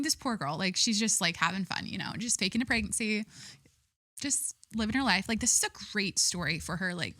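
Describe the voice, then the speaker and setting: Young woman podcast host, casual rambly chat, lots of likes, mid pitch, dry close sound. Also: fairly bright tone, no echo. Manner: chatty and irreverent, with many likes and restarts. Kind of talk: casual solo podcast chat, reading news aloud.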